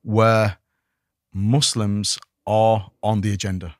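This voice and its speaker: An imam, speaking as a podcast guest in a fairly low male voice, talks slowly and earnestly in a conversational discussion. He's animated, often restarting sentences and repeating words as he does. The recording is clean studio sound with no room echo.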